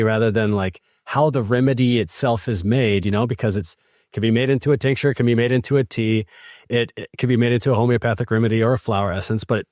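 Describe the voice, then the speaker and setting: A man's voice: medium pitch, darkish tone, no echo, clean studio sound. A man, an herbalist, speaking thoughtfully in a casual podcast conversation, often restarting and saying "like.". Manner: thoughtful, repeats himself, says "like" a lot. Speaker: herbalist, guest.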